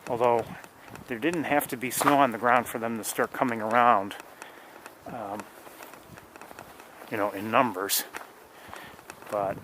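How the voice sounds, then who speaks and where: A man's voice: mid-range voice, steady tone, unhurried, pauses often, pushed and bright, a little hiss or hum, low-quality recording. A man narrating casually while walking wet outdoor trails in light rain, rambling with many fillers and restarts as he guides a birding tour.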